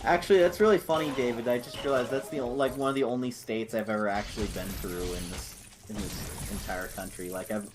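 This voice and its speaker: A man's voice: on the low side, fairly even intonation, fairly quick, hardly any pauses, background noise. Teasing young man in stream banter. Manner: teasing, joking. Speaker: stream co-host. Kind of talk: casual chat. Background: music.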